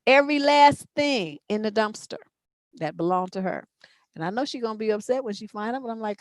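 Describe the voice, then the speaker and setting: A woman's voice: a little high, lively intonation, fairly quick, dry recording. A middle-aged woman hosting a relationship advice show, giving blunt, profane, emphatic answers in unscripted chat.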